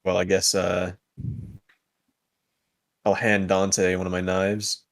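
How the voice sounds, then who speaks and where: A man playing a tabletop game, speaking slowly and unsure, half mumbling his moves. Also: deep voice, completely flat delivery, gravelly, no room sound. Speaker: player.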